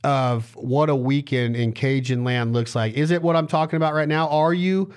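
A man's voice: mid-range voice, normal speed, clear, resonant tone. A man hosting a podcast in casual chat, playful and jokey, fond of wordplay. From western US. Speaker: podcast host.

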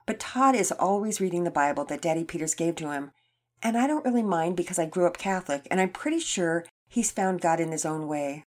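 Woman reader doing a friendly, talkative neighbor woman for a storybook, pitched a little up. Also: animated, a little fast, darkish tone, lightly acted. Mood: chatty. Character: friendly chatty woman neighbor, Catholic upbringing.

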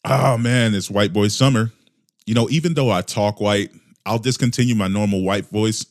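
This podcast host is a man with a lowish voice speaking at normal speed. Solo at his desk microphone and wearing headphones, he rambles casually, cracking jokes and cursing.

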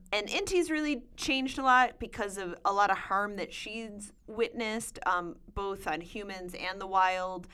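A woman co-host chatting about books she loves, gushing with enthusiasm. Her voice is smooth and clear, at an ordinary pitch for a woman. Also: bright, forceful tone. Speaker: podcast co-host. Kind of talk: casual book recommendation chat.

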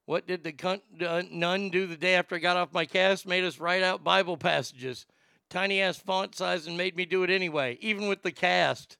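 A male talk show host rants sarcastically, swearing freely as he mocks the news. His voice is bright and gravelly yet smooth, recorded dry and close. He sits a little higher than most men. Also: moderate pace, no room sound. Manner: profane, sarcastic ranting. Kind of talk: comedic talk show rant.

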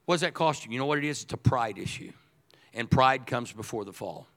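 Animated older male pastor preaching. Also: mid-range voice, brisk, creaky. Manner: animated, shifts from quiet to shouting; repeats words when starting sentences. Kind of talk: sermon.

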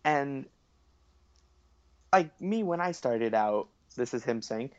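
A man's voice: mid-range voice, lively intonation, slow, darkish tone, no room sound. Rambling young man, dull dry sound. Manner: rambling, laughs often, lots of fillers. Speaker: podcast co-host. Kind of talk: casual chat.

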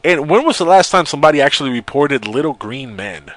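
A man's voice: a little high, very animated, quick pace, a bit bright, no room sound. Male radio host, sarcastic, joking, close dry studio sound. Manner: sarcastic, reads news aloud with mocking asides. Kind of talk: casual joking radio chat.

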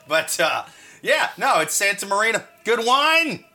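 A man's voice: sits high, sing-song, unhurried, noisy background. A man on a casual comedy podcast, rambling and joking, often laughing as he talks.

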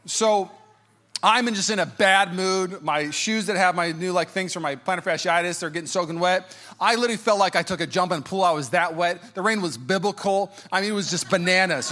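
A man in his thirties preaching a sermon, telling personal stories with jokes and acting out quotes in a put-on voice. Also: a little fast. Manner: animated, jokey, acts out quotes in high-pitched voices. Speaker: pastor.

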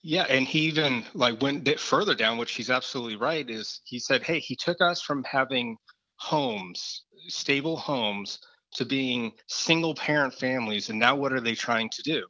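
Earnest guy guest, bright voice, muffled lo-fi sound. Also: mid-range voice, moderate pace, no room sound. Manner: earnest, uses fillers like "like". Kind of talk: casual talk.

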